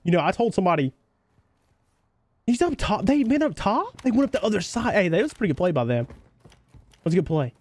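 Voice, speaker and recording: A man's voice: high-pitched, brisk, long pauses, no room sound. A young man from North Carolina with a Southern twang, streaming a shooter game live and chatting with his viewers. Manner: excitable, chatty, reacts loudly to the game. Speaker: livestream gamer.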